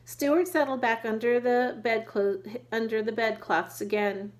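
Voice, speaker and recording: A woman reading a children's book aloud at a steady pace, now and then restarting a word. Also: on the high side, measured pace, rough recording. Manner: steady reading with occasional restarts over words. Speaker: reader.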